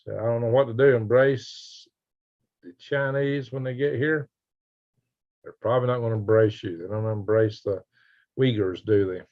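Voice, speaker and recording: A man's voice: medium pitch, fairly even intonation, normal speed. A man hosting a casual live stream, reading viewer comments aloud with a folksy, chuckling manner. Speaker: livestream host reading chat. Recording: dull lo-fi stream audio.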